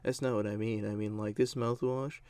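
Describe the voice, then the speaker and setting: A man's voice: lowish voice, fairly even intonation, normal speed, a little mellow, clean tone, no echo, close to an everyday voice. A man voicing a reckless, tipsy teenage boy who slurs his words a little. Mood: whispering. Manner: slurring a little.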